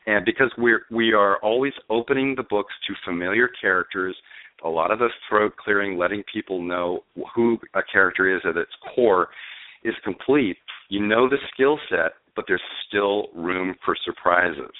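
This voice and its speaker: A male novelist and screenwriter telling his story in a phone interview, animated but halting, with fillers and restarts. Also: fairly low pitch, no echo. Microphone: telephone. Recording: dry tinny phone line.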